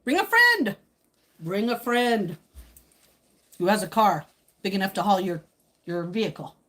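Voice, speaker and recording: Chatty husky-voiced woman live-streaming. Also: mid-range voice, measured pace. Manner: chatty, teasing, reads out and answers viewer comments; speaks while eating. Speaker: livestream host chatting with viewers. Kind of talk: casual live stream chat.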